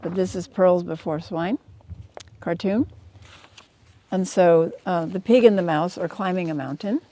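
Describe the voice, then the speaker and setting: A woman Zen teacher giving a calm, measured, gently earnest dharma talk in a meditation hall. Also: lowish voice.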